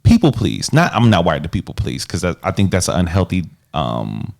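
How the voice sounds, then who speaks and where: A man's voice: sits low, wildly swooping pitch, fairly quick, vocal fry, darkish tone. A man co-hosting a podcast, talking in an earnest, reflective way with loose casual slang. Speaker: podcast co-host. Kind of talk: casual relationship chat.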